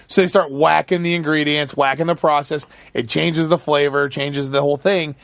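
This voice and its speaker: Male podcast guest, high pitch, animated storyteller, dry close mic. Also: fairly quick, gravelly, dry recording. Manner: animated, storytelling with acted-out quotes. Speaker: guest, food company founder. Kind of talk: casual podcast chat.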